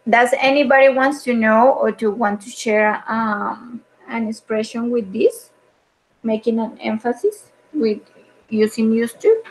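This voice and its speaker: A woman with a fairly high voice teaching an online English lesson. She speaks slowly and patiently and often pauses on fillers. The sound is that of a video call. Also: low-quality recording. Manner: patient, explanatory, with frequent fillers.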